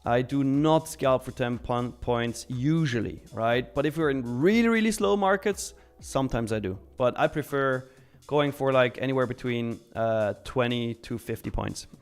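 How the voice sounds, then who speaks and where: A man's voice: medium pitch, moderate pace, clear, resonant tone, faint music behind. A young man hosting a live stream, casually reading viewer messages aloud and answering them. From Switzerland. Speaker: live-stream trading host.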